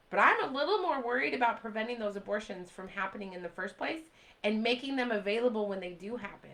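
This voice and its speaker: A woman in her forties making an impassioned live talk to her viewers, pleading and repeating lines to drive them home. Her voice sits a little high and rings bright and forceful. She breaks off now and then to answer comments from the chat. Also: low-quality recording. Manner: urgent, pleading, repeats phrases for emphasis. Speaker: livestream host. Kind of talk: impassioned direct-to-camera talk.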